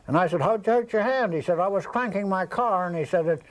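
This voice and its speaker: A man's voice: high-pitched, fast talker, low-quality recording. An older man telling a long, rambling anecdote in an interview, acting out the other people's voices. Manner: rambling, acts out the voices of people in his stories. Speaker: interviewee, storyteller. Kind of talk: casual anecdotal storytelling.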